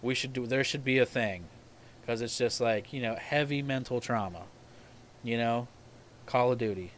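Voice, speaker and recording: A man's voice: mid-range voice, moderate pace, a little hiss or hum. A young man in casual podcast chat, telling rambling, profane gaming stories. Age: young adult. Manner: rambling, profane, animated storyteller. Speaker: podcast host.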